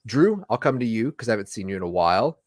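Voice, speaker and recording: A man's voice: on the low side, big pitch swings, fast talker, dry recording, studio quality. A man hosting a casual livestream chat, joking through his introductions. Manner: jokey, playful introductions. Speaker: podcast host.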